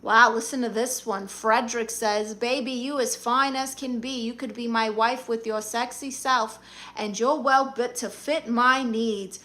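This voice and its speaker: A woman with a thick Brooklyn accent chats casually with her viewers. Her voice sits slightly high and rings bright and forceful. She answers comments with sassy, quick comebacks. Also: fairly even intonation. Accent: Brooklyn New York. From Brooklyn, New York. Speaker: comedian live-streamer reading chat. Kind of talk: casual live-stream chat.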